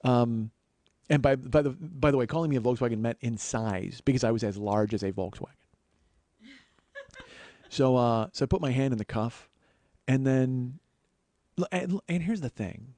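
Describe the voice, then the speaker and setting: A man's voice: medium pitch, unhurried, pauses often, warm tone, no echo. A man hosting a comedy podcast, telling a story as an exasperated, profane monologue. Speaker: podcast host.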